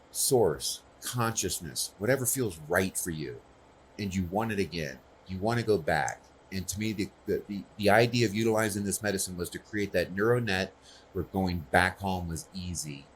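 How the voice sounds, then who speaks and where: A man's voice: lowish voice, slight background noise. A man speaking earnestly and personally at a conference, often checking in with the audience. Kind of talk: conversational conference talk.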